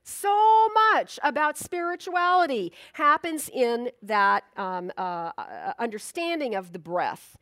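A woman's voice: on the high side, very animated, takes it slowly, hardly any pauses, a bit bright, no echo, clean studio sound. A middle-aged woman minister giving a sermon in a conversational, storytelling way, acting out little asides.

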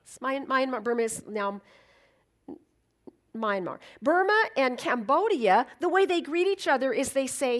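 A woman's voice: high voice, sing-song, moderate pace. A middle-aged woman giving a chatty, reflective talk to an audience, with many fillers and easy laughs. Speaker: speaker.

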